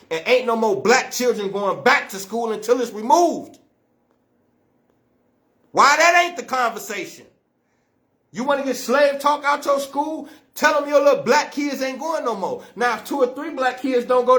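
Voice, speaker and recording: A man's voice: very high-pitched, lively intonation, normal speed, fairly bright tone. A man delivering a blunt, profane, scolding monologue as an activist speaker. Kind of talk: impassioned monologue to camera.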